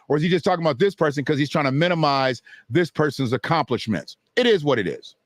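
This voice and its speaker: A man's voice: a little high, lively intonation, fast, hardly any pauses, dry recording, studio quality. Blunt, profane man commentating on boxing. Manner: blunt, profane, talks back to chat and clips. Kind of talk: casual video commentary.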